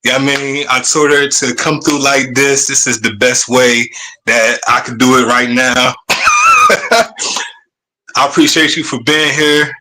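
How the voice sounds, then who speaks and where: A man's voice: mid-range voice, fairly even intonation, normal speed, sharp tone, poor audio. A man hosting a live-streamed show, talking loosely in casual slang, flustered and apologetic as he stumbles over his words. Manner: apologetic and flustered by tech trouble. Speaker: podcast host. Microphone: streaming setup mic.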